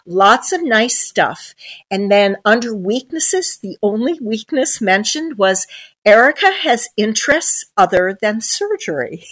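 A woman's voice: medium pitch, big pitch swings, a little slow, a bit bright. A middle-aged woman doctor from the United States telling a story in a podcast interview, acting out the people she quotes. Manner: storytelling, acts out quoted voices. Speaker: guest doctor. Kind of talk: anecdotal interview talk.

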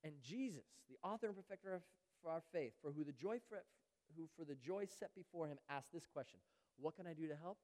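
A man preaching a sermon as pastor, earnest, rising louder on key phrases and dropping very soft on others, sometimes acting out the voices of churchgoers. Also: fairly high pitch, lively intonation, fairly quick, in a large hall. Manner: earnest, swells louder on key phrases and drops to near-whispers; acts out everyday voices of churchgoers. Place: church sanctuary.

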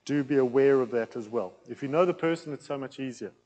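A man preaching a teaching sermon in a plain, loud, conversational way, with an accent that he says can sound aggressive. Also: mid-range voice, fast, long reverb tail, rough recording. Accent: non-local accent in England. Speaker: pastor teaching a series.

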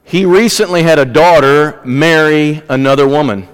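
A man preaching a sermon as a pastor, telling a story earnestly and dropping his voice low on key points. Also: normal speed, smooth, big-room sound, poor audio. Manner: earnest storytelling preacher, varies pace, drops low for emphasis.

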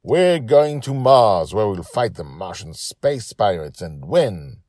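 A man's voice: lowish voice, big pitch swings, slow, darkish tone, dry recording, studio quality, voice pushed up, full character voice. A man voicing a bossy four-year-old girl who plays a pirate captain and speaks harshly and commandingly.

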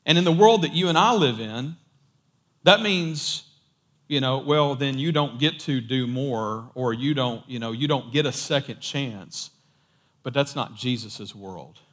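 A man preaching a sermon in a casual, animated storytelling way. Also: mid-range voice, measured pace.

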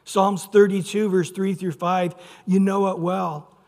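A male pastor giving a sermon with lively delivery, acting out quotes and shifting between loud and soft. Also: sits high, a little slow, big-room sound.

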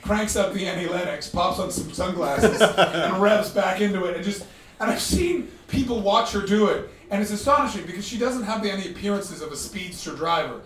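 A man from Canada doing stand-up comedy with crowd work, telling stories in an animated, chatty way. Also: sits high, fairly quick. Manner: animated, chatty storytelling with frequent laughs. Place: live comedy venue with an audience. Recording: roomy, distant stage sound.

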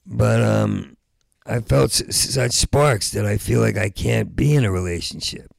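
Gravelly stuttering stand-up comic. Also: male voice, lowish voice, a little slow, no echo, studio quality. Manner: rambling, stuttering restarts, rising into loud rants. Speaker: stand-up comedian. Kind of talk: stand-up comedy set.

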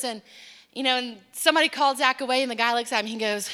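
A woman preaching a sermon in a church, impassioned, moving between hushed, quiet passages and emphatic, building lines. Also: high-pitched, very fast, in a large hall. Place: church sanctuary.

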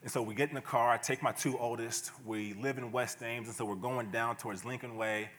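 A man's voice: mid-range voice, steady tone, a little fast, fairly bright tone, a little hiss or hum. Chuckling, conversational man preaching a sermon. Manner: conversational, chuckling storyteller with playful asides. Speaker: pastor. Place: church sanctuary.

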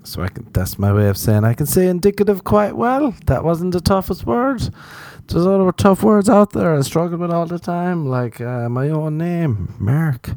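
A man hosting a solo late-night podcast, rambling and joking at his own expense with sudden jumps in pitch. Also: lively intonation, normal speed, darkish tone, no room sound. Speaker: podcast host.

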